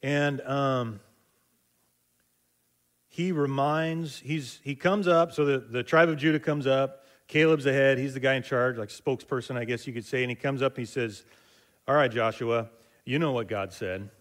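A male Bible teacher who explains scripture in a relaxed, chatty way. He retells the stories in his own words, with loose asides and the occasional filler. His voice sits at an ordinary, mid-range pitch. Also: moderate pace. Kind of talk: casual Bible study teaching.

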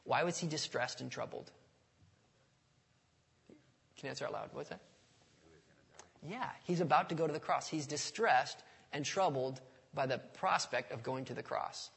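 A man's voice: fairly high pitch, normal speed, vocal fry, long pauses, fairly bright tone, breathy edge. A man preaching a sermon in a conversational way, often putting questions to the congregation. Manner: conversational, asks the audience questions. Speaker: pastor. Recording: long reverb of a large hall.

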